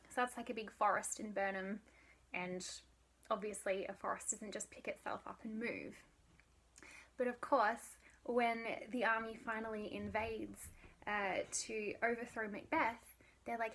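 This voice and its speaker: A woman's voice: mid-range voice, flat delivery, unhurried, a bit bright. A young adult woman giving a casual literature lesson, chatty with many fillers and dropping into whispers at times. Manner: chatty, lots of "like", drops into whispers. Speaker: literature teacher.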